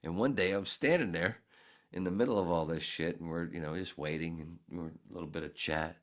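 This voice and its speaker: A man with an extremely deep, low voice tells a story on his own podcast. He talks in a loose, profane way, full of sarcasm and loud outbursts where he acts out what was said. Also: a little fast. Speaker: podcast host. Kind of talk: casual storytelling monologue.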